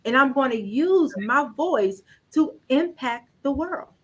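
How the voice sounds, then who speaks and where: A woman personal branding coach with a high, light voice, speaking emphatically in a preacherly cadence. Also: animated, takes it slowly, low-quality recording. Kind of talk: inspirational coaching talk.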